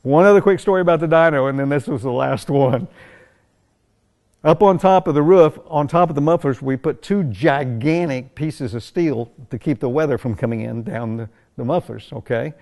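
An older man with a gravelly, creaky edge to his mid-pitched voice spins folksy shop stories. He talks conversationally, circling back and restarting his sentences as he remembers details. His pitch sits at an everyday middle. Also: moderate pace, a little mellow. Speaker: drag racing team owner. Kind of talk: animated anecdote telling.

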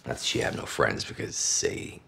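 A man's voice: moderate pace, sharp tone, close to an everyday voice. An actor playing a sardonic middle-aged male doctor who talks in a dry, cutting way. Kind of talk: TV drama acting.

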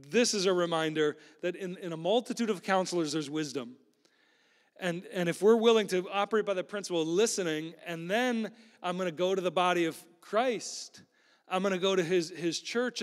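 High-voiced preacher in an echoing hall. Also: male voice. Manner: conversational, repeats words and restarts often. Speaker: pastor. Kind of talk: sermon. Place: church sanctuary. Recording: long hall reverb.

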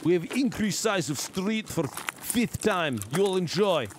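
A streamer mocking a smug game developer in broken English. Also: male voice, sits high, animated, takes it slowly, background noise.

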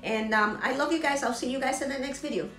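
A woman's voice: high-pitched, fast talker, a bit bright, roomy sound, soft background music. A woman vlogger giving an emotional motivational talk. She is earnest and preachy and repeats phrases for emphasis.

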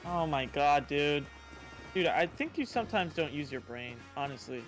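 A man's voice: on the high side, animated, normal speed, a bit bright, faint music behind. A young man chatting casually while gaming, teasing his partner with profane banter. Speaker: gamer.

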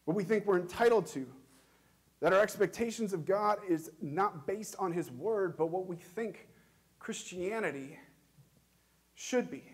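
In a church, a pastor with a high, husky male voice preaches a sermon, speaking earnestly and asking questions with measured, emphatic pauses.

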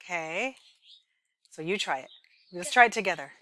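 A woman's voice: fairly low pitch, lively intonation, moderate pace, sharp tone. A woman leading a speech therapy demonstration with a child, patient and encouraging, carefully modeling sounds.

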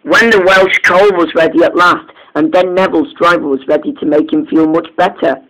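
A man reading a children's train story aloud, halting, with frequent restarts and slips. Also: a little high, fairly even intonation, background noise.

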